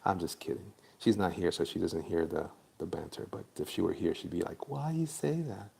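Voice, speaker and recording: A man's voice: sits low, fairly even intonation, brisk, vocal fry, darkish tone, slightly rough. A man in Florida chatting casually with viewers on a livestream while he draws, laid-back and jokey. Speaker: livestream artist.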